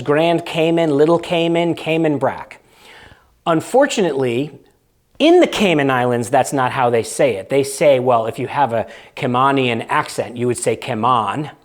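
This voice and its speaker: A man hosts his own vlog, speaking at a middle pitch. He explains at an easy, conversational pace, often restarting his sentences and leaning on fillers as he thinks aloud. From United States. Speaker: vlog host. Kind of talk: casual explanatory vlog talk.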